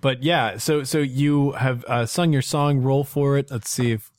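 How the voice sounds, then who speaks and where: Guy game-mastering a tabletop game, slow and easy, lots of ums, dry close sound. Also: medium pitch, no echo. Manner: relaxed, halting, full of fillers.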